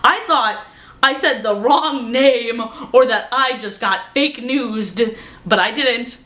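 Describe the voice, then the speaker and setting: Excitable chatty young woman vlogger. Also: fairly high pitch, slow pace. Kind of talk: casual vlog recap. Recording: roomy echo.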